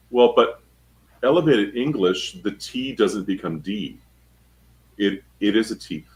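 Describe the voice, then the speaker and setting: A man's voice: lowish voice, lively intonation, a little slow, darkish tone, low-quality recording. A man speaking as a studio guest on a talk show, explaining speech emphatically with spoken examples. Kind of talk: instructive studio chat.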